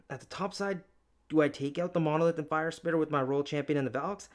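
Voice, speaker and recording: A man giving chatty, excitable commentary over his own strategy game replay, poking fun at his own mistakes. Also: a little high, fast. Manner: excitable, chatty, self-mocking. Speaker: gaming YouTuber.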